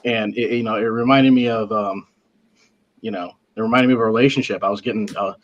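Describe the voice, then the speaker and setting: A man's voice: lowish voice, fairly even intonation, quick pace, muffled recording. A married man on a barbecue podcast panel, chatting casually about a pork rub with a joking, rambling manner. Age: adult, married. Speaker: panelist tasting rubs.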